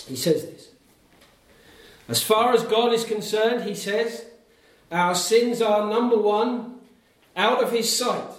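A man preaches a sermon in a church hall, building his case point by point and asking the congregation rhetorical questions with emphatic delivery. His slightly high voice comes from some way off the microphone, and the hall echoes heavily around every phrase. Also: far from the mic. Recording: very echoey hall, picked up from afar.

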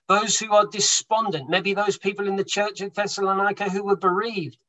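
Heard in poor audio, this high-voiced man preaches emphatically to his congregation. He raises and lowers his loudness for stress.

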